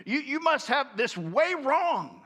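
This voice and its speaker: A man's voice: extremely high pitch, sing-song, slow pace, a bit bright, voice pushed up, heavily acted. A man voicing a frightened, whining young man who makes excuses, in a reverberant hall. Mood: incredulous. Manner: whining, incredulous. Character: scared whiny young man hiding from enemies.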